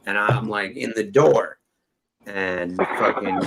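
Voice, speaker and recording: A man with a gravelly, creaky voice tells a rambling, profane tale in casual chat. He acts out each quoted line himself. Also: lowish voice, slow pace, background noise. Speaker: storyteller guest.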